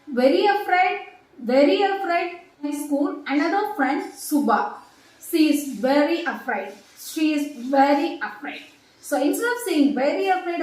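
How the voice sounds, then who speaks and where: A woman with a high voice gives an English vocabulary lesson at an unhurried pace. She says each word and example twice. Her voice rings around a very echoey room. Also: recorded from a distance. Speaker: English teacher.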